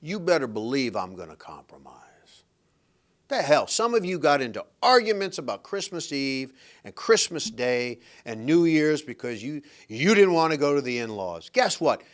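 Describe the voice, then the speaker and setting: Blunt, preachy middle-aged man, slightly high. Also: very animated, normal speed. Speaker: podcast host and relationship coach. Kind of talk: motivational monologue.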